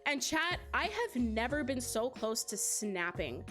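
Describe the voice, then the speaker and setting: A young woman with a fairly high voice chats to her stream audience in an animated storytelling way. She laughs often through her telling. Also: measured pace, soft background music. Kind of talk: casual stream chat.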